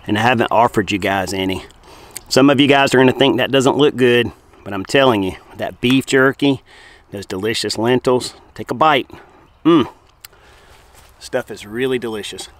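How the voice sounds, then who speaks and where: A middle-aged man, hosting an outdoor camp cooking vlog in the woods, folksy and relaxed, talking while he eats. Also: fairly high pitch. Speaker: host of a camp cooking show.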